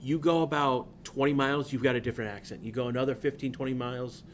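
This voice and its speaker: A man's voice: medium pitch, fairly even intonation, fast talker, a little hiss or hum. Rambling male instructor mid-lecture. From southern New England. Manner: rambling, prone to tangents. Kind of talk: classroom lecture.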